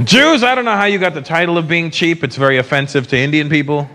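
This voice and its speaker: A man performing a stand-up comedy set on a theater stage in an animated, mocking way, often slipping into impressions. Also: fairly high pitch, quick pace. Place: theater stage before a live audience. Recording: live show with loud crowd and noise. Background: loud audience laughter.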